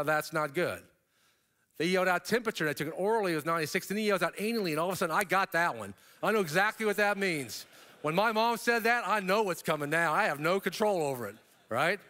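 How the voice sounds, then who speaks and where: A middle-aged man tells his story from a keynote stage in a voice pitched a touch high for a man. He is an animated storyteller whose pitch leaps up for emphasis, and he drops in casual asides to the audience. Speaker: keynote speaker.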